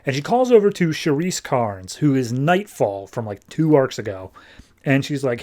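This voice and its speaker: A man's voice: medium pitch, big pitch swings, moderate pace, darkish tone. A man hosting a podcast, giving a casual, breezy comic book recap full of fillers. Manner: breezy, filler-laden retelling. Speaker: podcast host.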